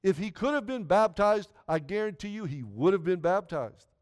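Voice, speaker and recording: A man delivering a sermon with a high, clear, resonant voice. He speaks earnestly and conversationally, circling back and repeating phrases as he works through scripture. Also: expressive, normal speed, a little mellow. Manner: earnest, repetitive, conversational preaching. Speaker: pastor.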